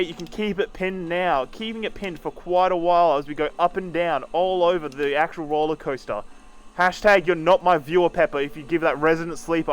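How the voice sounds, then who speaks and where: A man streaming a racing game, casually talking through each corner as he drives and swearing now and then. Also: high voice. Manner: casual, swears, talks while driving. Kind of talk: live sim-racing commentary.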